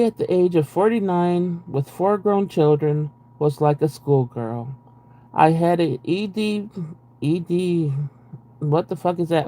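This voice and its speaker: A young man's warm, slightly high voice carries a book reading on a live stream. He pauses between read passages to swear and vent with exasperated sarcasm.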